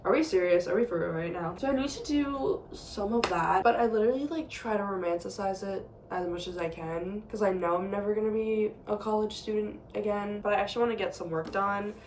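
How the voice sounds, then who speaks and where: A woman's voice: mid-range voice, steady tone, brisk, hardly any pauses, darkish tone, slight background noise. A woman in her twenties, a graduate student, chatting casually to camera in a diary vlog, tired and stressed, self-mocking and a bit dramatic.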